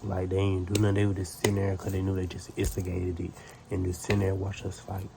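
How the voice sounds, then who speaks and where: A man's voice: sits low, completely flat delivery, fast talker, gravelly, noisy background. A man telling a casual storytime tale in a profane, rambling way, full of restarts.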